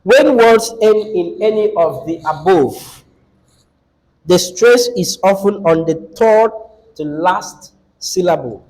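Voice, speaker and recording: Sitting high in pitch, this Nigerian-accented teacher's expressive, darkish voice carries a classroom English lesson. He dictates the rules slowly, goes over them again and tests the students, in a low-quality recording.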